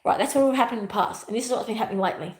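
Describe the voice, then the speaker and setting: A woman's voice: fairly high pitch, very fast, a little mellow. A woman giving a spiritual motivational talk as a teacher at home, speaking emphatically and repeating her key phrases. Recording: roomy echo.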